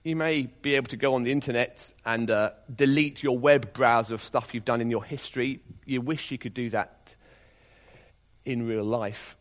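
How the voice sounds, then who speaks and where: A man preaching a sermon to his congregation, reading scripture aloud and dropping to quiet, intimate appeals. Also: mid-range voice, steady tone, moderate pace.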